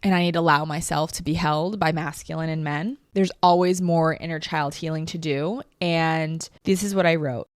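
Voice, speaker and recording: A woman's voice: low-pitched, steady tone, normal speed, hardly any pauses, no room sound, clean studio sound. A woman hosting a podcast, telling a personal story in an emotional, reflective way with lots of "like". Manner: emotional, reflective, heavy use of "like". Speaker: podcast host.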